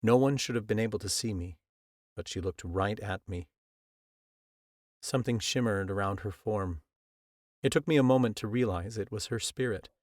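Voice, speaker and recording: Low-voiced male audiobook narrator. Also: darkish tone, no room sound, clean studio sound. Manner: measured, earnest storytelling. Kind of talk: scripted first-person audiobook narration. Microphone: close studio mic.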